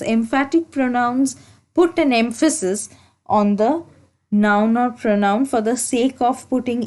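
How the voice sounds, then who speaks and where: A woman teaching an English grammar lesson for exam preparation, explaining slowly and deliberately, repeating key points and correcting herself as she goes. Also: on the high side, darkish tone. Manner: slow, deliberate explaining with repetition and self-corrections.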